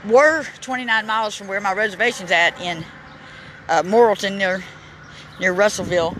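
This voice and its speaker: A man with a high, bright, forceful voice films on his handheld phone while touring a memorial park, narrating a casual walking vlog. He gets emotional and chokes up, reading the plaques aloud haltingly. The low-quality outdoor recording picks up street and traffic noise.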